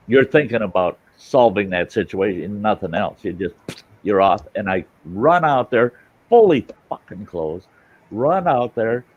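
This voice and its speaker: A lower-pitched man trades stories in a casual chat, his delivery profane and lively, leaping up into shrill impressions of the people he describes. The recording is dull and lo-fi, with the top end rolled off. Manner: profane, animated storyteller. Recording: dull lo-fi sound.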